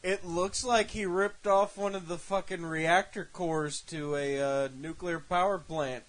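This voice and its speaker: A man co-hosting a casual review podcast, swearing freely and telling excitable stories. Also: high voice, measured pace. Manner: crude, excitable storytelling. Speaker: podcast co-host.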